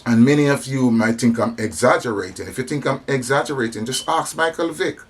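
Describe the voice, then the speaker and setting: A man's voice: medium pitch, brisk. A man delivering an impassioned preaching monologue about compassion, with emphatic repetitions and restarts. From African descent. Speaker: speaker on religion and society.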